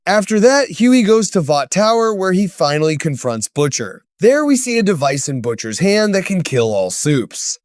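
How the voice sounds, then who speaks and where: A man with a high voice narrates a scripted story recap dramatically, his pitch swinging widely and rising at sudden turns. He's very animated, speaks at normal speed with few pauses, and the sound is close and dry with no room sound.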